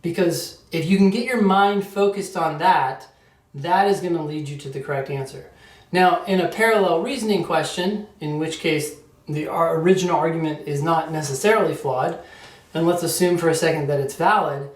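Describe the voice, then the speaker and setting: A man's voice: on the high side, normal speed. Guy explaining logic questions, chatty lecture, mic kinda far off, echoey room. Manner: conversational, often checks in with "right?". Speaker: test prep teacher. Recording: roomy echo, distant mic.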